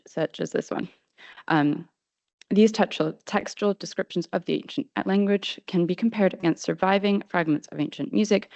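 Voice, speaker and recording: A woman presenting a paper at an academic conference, reading formal prose in a measured way. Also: low voice, darkish tone, dry recording. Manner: formal, measured delivery with brief slide-control asides. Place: conference hall. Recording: dull, slightly lo-fi sound.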